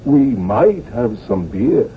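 In a 1970s radio drama, an actor plays a jovial, nostalgic old postmaster and former cavalryman, hearty and chuckling with lively swoops in his voice. He sounds a little high and unhurried, heard through a tinny old radio broadcast with faint hiss.

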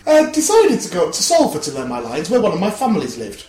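Animated podcast host reading a comic tale. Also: male voice, high-pitched, fast, reverberant. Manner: deadpan absurd storytelling, giggling asides. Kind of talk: comic mock-autobiography reading.

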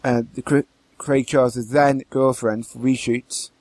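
Halting man chatting on a podcast. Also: mid-range voice, level tone, darkish tone, dry recording. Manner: halting, restarts and fillers. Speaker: podcast co-host. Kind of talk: casual podcast discussion.

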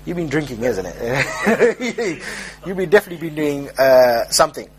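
A young man delivers an informal religious talk at a moderate pace, his fairly high voice rising and falling in a sing-song way. He tells jokey stories from the street and imitates the characters with mock voices.

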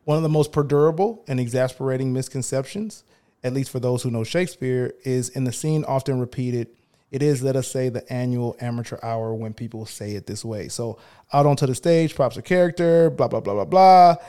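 A man hosting a podcast in easy, slangy conversation. His voice sits in a medium register, and he gets lively and theatrical when he reads lines aloud. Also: medium pitch, brisk, clear, resonant tone. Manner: laid-back, slangy, animated when reading aloud. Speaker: podcast host. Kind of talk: casual chat.

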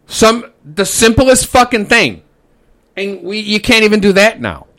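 A man's voice: high voice, lively intonation, measured pace, pushed and bright. A man, venting with heavy profanity in casual chat.

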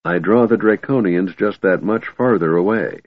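A man's voice: low-pitched, normal speed, no room sound. A man voicing a tired, skeptical young woman who sounds wry and guarded in an audiobook. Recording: tinny narrow-band audiobook recording.

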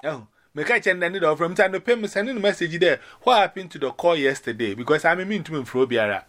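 A man's voice: a little high, expressive, fast, fairly bright tone. A man from Ghana rambling casually on a phone call, slipping between English and Akan.

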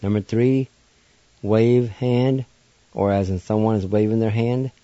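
Patient, slow-spoken man teaching words. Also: lowish voice, fairly even intonation, warm tone, no room sound. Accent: Cherokee. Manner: patient, measured, spells letter by letter. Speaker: radio host teaching language words. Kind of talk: slow spelled-out language lesson. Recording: dull dry radio studio sound.

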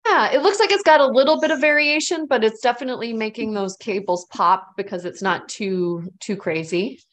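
A woman's voice: fairly high pitch, fairly quick. Woman host chatting about knitting, asks lots of questions, chimes in a lot. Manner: friendly, prompting questions, chiming in. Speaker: podcast host. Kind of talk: casual knitting podcast chat.

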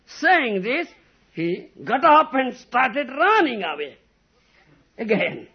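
A man's voice: sing-song, takes it slowly, slightly rough, dull audio. A man giving a devotional lecture, often checking with listeners whether they follow and explaining terms. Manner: acts out quoted crying laments in high shouts, then explains; asks "huh?" and "do you follow?" to the listeners. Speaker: spiritual teacher.

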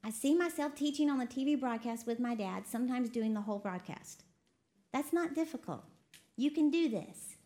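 High-pitched lady preaching, lively and laughing a lot, from texas. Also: moderate pace. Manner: lively, laughs often, quotes voices. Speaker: preacher co-hosting a broadcast. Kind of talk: sermon to a women's audience.

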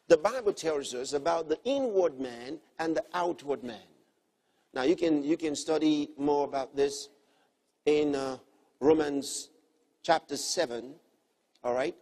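A man delivers a sermon in an earnest teaching style, repeating key phrases and shifting between soft, quiet lines and emphatic ones. His voice sits on the high side.

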